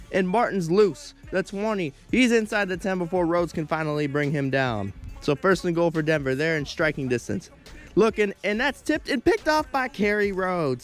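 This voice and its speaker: A teenage boy doing play-by-play commentary over his football video game, often tripping over his words and apologizing. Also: high voice. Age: teens. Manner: stumbles over words, self-deprecating asides. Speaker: gameplay commentator. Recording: game music in background.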